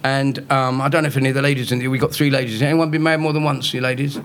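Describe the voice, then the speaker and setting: A man's voice: mid-range voice, flat delivery, rapid-fire, fairly bright tone, slight background noise. A man, a comedian telling stories and teasing a live audience. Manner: joking, teasing the audience, laughing at own lines. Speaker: comedian guest. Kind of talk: live podcast stand-up storytelling.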